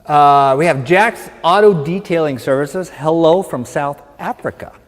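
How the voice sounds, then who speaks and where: A man's voice: on the high side, a little slow, long reverb tail. Upbeat man reading viewer questions. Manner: upbeat, reads out comments and jokes. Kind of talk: casual livestream chat.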